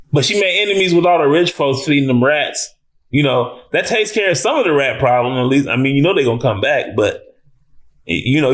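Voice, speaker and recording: A man giving a casual, animated reaction review of a TV episode, talking in slang, swearing and restarting often. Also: fairly high pitch.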